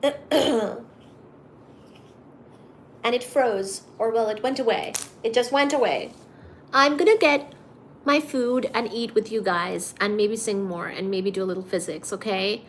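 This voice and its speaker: Slow-talking playful woman livestreamer. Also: a little high, a little hiss or hum. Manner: greets chat by name, playful, sings snatches of songs. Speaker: livestream host. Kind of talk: casual livestream chat with viewers.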